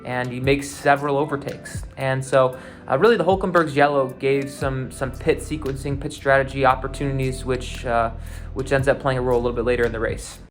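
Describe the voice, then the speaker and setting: A man's voice: medium pitch, fairly even intonation, brisk, faint music behind. A man hosting a show, giving a loose, unscripted recap of a car race, with lots of fillers and restarts. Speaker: podcast host recapping a race.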